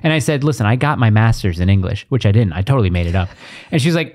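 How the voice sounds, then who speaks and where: Guy in his 30s cohosting a podcast, super lively storyteller, does little shouty voices. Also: medium pitch, quick pace, soft background music. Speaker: podcast co-host. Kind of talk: casual chat.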